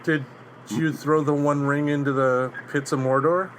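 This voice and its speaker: A man's voice: on the high side, level tone, moderate pace, slight background noise, rough recording. A man co-hosting a podcast in casual chat, dropping short teasing jokes and anecdotes. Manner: joking, teasing interjections. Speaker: podcast co-host.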